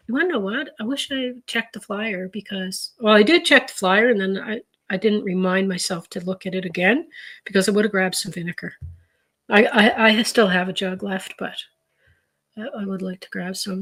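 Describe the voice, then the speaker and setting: Casual grocery-haul chat comes from a middle-aged woman from the Canadian East Coast, whose mid-range voice has a fairly bright tone. Her vlog talk wanders into stories, heavy with fillers and restarted sentences.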